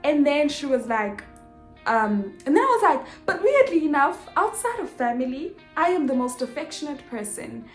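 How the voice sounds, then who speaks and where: Woman, young adult, expressive storyteller, slightly high voice, echoey room. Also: moderate pace. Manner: animated, expressive, acts out dialogue. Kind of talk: casual storytelling vlog. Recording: echoey room with faint music.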